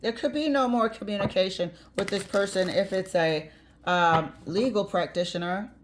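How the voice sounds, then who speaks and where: A woman's voice: mid-range voice, normal speed, background noise. A woman giving a casual tarot reading, chatty and blunt, with the odd swear word and easy laughter. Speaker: tarot reader.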